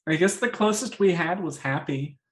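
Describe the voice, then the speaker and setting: A man with a fairly high voice, talking about a movie in a laid-back conversation. He keeps an easy pace and chuckles often between remarks. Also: expressive, normal speed. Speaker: movie reviewer. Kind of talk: casual chat.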